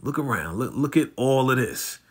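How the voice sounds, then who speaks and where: An ambitious young man from a TV drama, sincere and low-voiced, as a man voices him in a recap. He sounds quietly determined. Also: expressive, moderate pace, husky. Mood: earnest.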